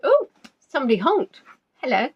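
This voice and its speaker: A woman's voice: huge pitch swings, normal speed, husky, lo-fi sound. Chatty woman hosting a quiz. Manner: teasing, chatty, reads out names and answers with big pitch swings. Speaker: online quiz host.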